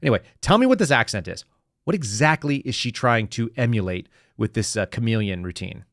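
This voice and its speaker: A man's voice: mid-range voice, animated, brisk. A man from the United States hosting a political commentary podcast, sarcastic and talking to his live chat. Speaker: podcast host.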